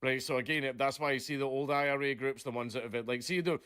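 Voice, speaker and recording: A man's voice: medium pitch, fairly even intonation, quick pace, a bit bright, smooth, no room sound, clean studio sound. Rambling man ranting with lots of swearing. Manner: rambling, leans on "basically" and "right?", swears a lot. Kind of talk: casual ranting chat.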